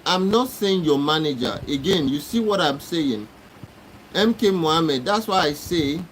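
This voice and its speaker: A man's voice: on the high side, a little hiss or hum, rough recording. A man hosting a live stream, arguing with commenters in a repetitive, exasperated lecturing way. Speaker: livestream host. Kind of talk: live-stream talk answering chat comments.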